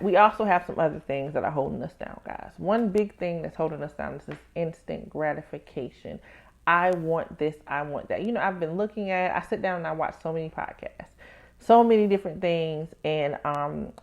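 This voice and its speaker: Candid, animated woman podcast host. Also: sits low, gravelly. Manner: candid, animated storytelling with acted-out inner voices; addresses listeners as "baby" and "y'all". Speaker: podcast host, tax professional. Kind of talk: casual personal podcast talk.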